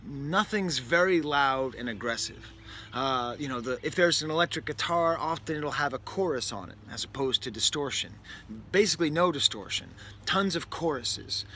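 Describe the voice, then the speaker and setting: Speaking at normal speed in a slightly high, animated voice with a sharp tone, a man from New England casually reviews records. He wanders wryly through his points, interrupting himself often and tossing in asides. A bird is audible outside the window of the indoor space, over faint background noise.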